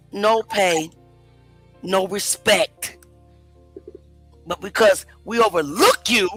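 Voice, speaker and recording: A woman hosting a livestream commentary, ranting emotionally and confronting someone. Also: mid-range voice. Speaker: host.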